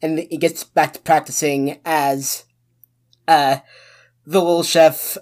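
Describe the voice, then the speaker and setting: A woman's voice: low-pitched, fairly even intonation, slow, a little mellow. A woman playing a tabletop game, speaking hesitantly with many "uh" fillers. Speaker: player.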